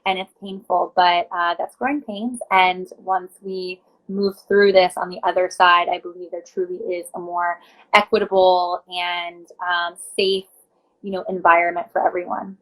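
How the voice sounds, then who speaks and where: A woman's voice: lowish voice, level tone, normal speed, fairly bright tone, low-quality recording. Woman podcast host, very affirming, lots of you know and like. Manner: affirming, spiritual wording, many fillers. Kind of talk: casual conversation.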